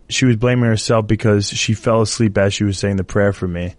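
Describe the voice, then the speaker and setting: Guest fighter, male, lowish voice, halting and emotional, dry sound. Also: steady tone, no echo. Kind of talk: casual interview talk.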